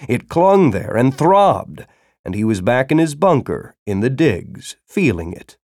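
A man's voice: medium pitch, big pitch swings, a little slow, no echo, clean studio sound. Dramatic male audiobook narrator. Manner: dramatic, shifts into urgent shouting dialogue.

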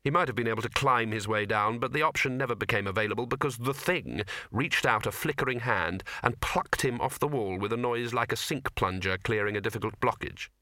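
A man narrates a comic fantasy audiobook with a bright, forward tone. The sound is dry and close, with no room around it. He tells the story in a wry, deadpan way. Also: mid-range voice, a little fast, hardly any pauses, no echo. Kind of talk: scripted narration.

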